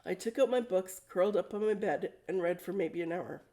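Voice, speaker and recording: Woman reading a storybook out loud, warm lowish voice, steady plain delivery. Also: a little fast. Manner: plain, steady reading with small self-corrections. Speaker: storyteller reading a novel aloud. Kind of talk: storybook read-aloud narration.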